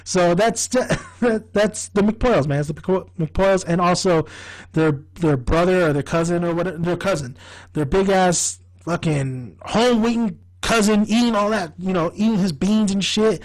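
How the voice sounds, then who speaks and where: High-voiced man gushing over a show. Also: moderate pace, low-quality recording. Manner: rambling and excitable, laughs often, swears freely. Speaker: TV show reviewer. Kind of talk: casual fan review vlog.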